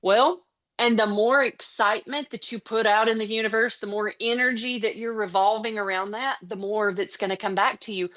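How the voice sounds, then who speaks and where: A woman giving an energetic motivational training talk to her team, excitable and chatty, sometimes out of breath from excitement. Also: medium pitch, normal speed. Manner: chatty, with casual slips and restarts. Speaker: team trainer on a business call.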